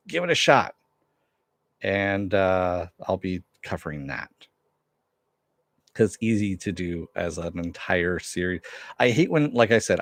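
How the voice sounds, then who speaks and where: Low-voiced guy rambling through his show outro, offhand, dead dry sound. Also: no room sound. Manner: rambling and offhand, with fillers and asides. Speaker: host. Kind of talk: casual review sign-off.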